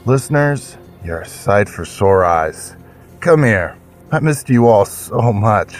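A man's voice: on the low side, animated, slow pace, faint music behind. A man hosting a fiction podcast, with a playful, theatrical manner and mock-grand fantasy banter. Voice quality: theatrical, jokey, mock-grand self-introduction. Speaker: podcast host.

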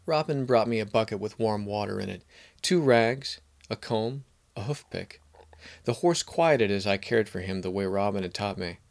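A man narrating a fantasy story in a measured, even storytelling manner. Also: fairly low pitch, gravelly.

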